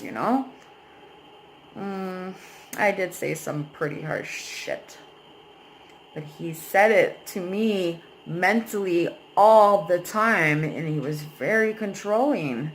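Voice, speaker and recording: A woman's voice: medium pitch, slow pace, a little hiss or hum, rough recording. A young adult woman vlogger venting candidly about a relationship, frank and emotional, swearing freely.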